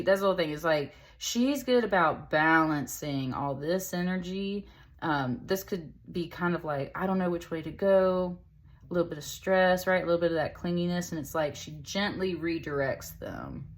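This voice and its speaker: A woman giving a casual tarot reading, chatty and rambling, with lots of fillers. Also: low-pitched. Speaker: tarot reader.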